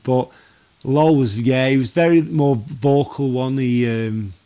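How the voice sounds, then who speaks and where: A man in a casual podcast interview, telling football stories with lots of fillers and restarts. His pitch sits in the middle range for a man, and he sounds like a man in his thirties. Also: a little slow. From northwest England. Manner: animated storyteller, many fillers and restarts. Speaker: former goalkeeper, podcast guest.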